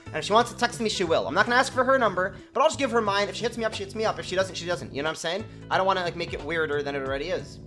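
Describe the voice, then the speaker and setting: A man's voice: high voice, pushed and bright. A young man telling a casual story to his stream, full of slang and swearing, acting out the people in it. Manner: fast slangy storytelling, quotes people in their voices; swearing, repeats "you know what I'm saying".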